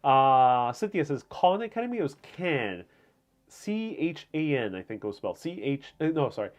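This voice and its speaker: A man at a mid-range pitch hosts a casual live stream from home. He answers viewer comments in a relaxed, rambling way. His sentences are full of fillers and restarts. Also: normal speed. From Puerto Rico.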